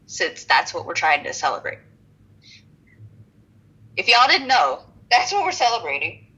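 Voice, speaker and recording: A woman's voice: lowish voice, sing-song, unhurried, bright, forceful tone, breathy edge, muffled recording. A woman co-hosting a casual podcast, reading notes aloud with frequent laughs and self-deprecating asides. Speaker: podcast co-host.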